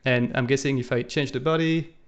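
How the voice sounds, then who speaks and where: A man's voice: mid-range voice, steady tone, a little fast, dull audio. Male co-host talking through code at his desk, loose and filler-heavy, typing audible. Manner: thinks aloud while typing, with frequent fillers. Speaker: live stream co-host. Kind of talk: casual coding walkthrough. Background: keyboard typing and clicking.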